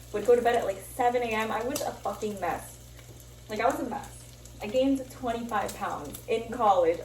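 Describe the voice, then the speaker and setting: Young woman, casual rambling vlog chat while cooking, slightly high voice, sizzle faint behind, roomy and distant. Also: darkish tone, slight background noise. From Miami. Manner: rambling, self-interrupting, swears freely, laughs often. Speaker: vlogger. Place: kitchen, cooking bacon. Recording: echoey kitchen, sizzling pan, distant camera.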